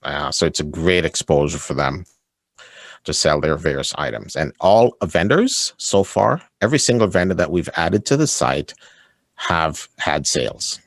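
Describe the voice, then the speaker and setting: Deep-voiced enthusiastic man. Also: animated, moderate pace, dry recording, studio quality. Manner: enthusiastic, laughs often, repeats "right?". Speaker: guest, sales coach. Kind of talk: casual interview chat.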